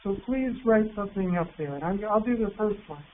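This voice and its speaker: A man presenting an online teacher workshop, patient and encouraging, reading words out slowly. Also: high voice, animated. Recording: tinny phone-like line with faint hiss.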